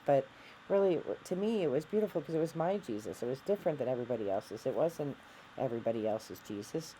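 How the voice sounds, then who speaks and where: A woman's voice: rumbling low, mellow, a little hiss or hum, low-quality recording. A middle-aged woman telling a candid personal story on her vlog, rambling and self-deprecating, with frequent fillers and restarts. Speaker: vlogger.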